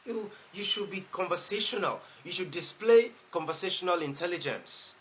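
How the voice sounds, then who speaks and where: A man's voice: sits high, animated, moderate pace, a bit bright, slight background noise. A man with a Nigerian English accent gives a motivational talk on a live stream as a life coach, emphatic and fond of repeating his key phrases.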